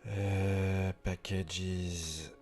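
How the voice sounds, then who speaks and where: A man's voice: deep voice, level tone, drawn-out words, a little mellow, soft background music. A man commenting while he codes, often frustrated and swearing at his tools. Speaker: developer live-coding on stream. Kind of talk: live-coding commentary.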